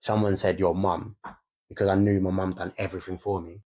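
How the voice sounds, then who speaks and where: A young man co-hosts a candid fatherhood podcast, his low voice brisk and level in tone. He swears freely and loudly re-enacts scenes as he talks.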